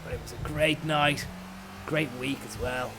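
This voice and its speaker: A man delivering a rambling, deadpan comic monologue full of absurd tall tales and casual swearing. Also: medium pitch, a little slow, background noise. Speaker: comedy podcast host.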